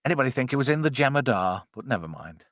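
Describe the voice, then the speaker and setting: A man's voice: medium pitch, sing-song, quick pace, fairly bright tone, slight background noise. A man hosting a casual, jokey live-stream commentary on a film. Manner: chatty, jokey, puts on silly voices. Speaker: podcast co-host.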